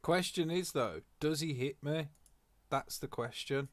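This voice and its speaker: A man giving live commentary on his sim racing, excitable and sweary, swinging between mutters and loud outbursts. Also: on the high side, a little slow, heavy background noise.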